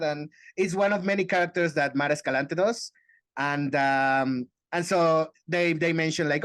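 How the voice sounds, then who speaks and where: A man from Mexico, co-hosting a casual chat podcast and breaking into lively character voices. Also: fairly high pitch, no echo. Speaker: podcast co-host.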